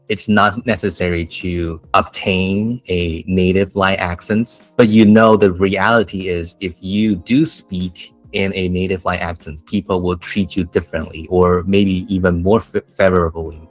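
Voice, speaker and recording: Deep-voiced guy chatting about teaching, thinking out loud, dry close sound. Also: no echo. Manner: reflective, thinks aloud. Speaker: English teacher and channel host. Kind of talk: casual chat.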